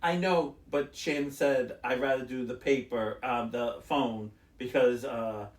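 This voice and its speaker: A man's voice: mid-range voice, a little slow, roomy sound, far from the mic. A man hosting a podcast, chatting casually and acting out clerks as he tells a story. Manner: animated storyteller, acts out store clerks, swears casually. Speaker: podcast host. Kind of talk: casual chat.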